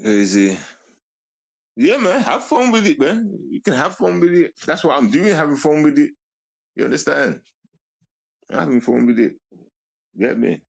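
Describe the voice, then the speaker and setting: A man's voice: on the high side, very animated, moderate pace, gravelly, pauses often, slightly rough. A young man ranting on a casual livestream, mocking and repetitive as he talks to his chat.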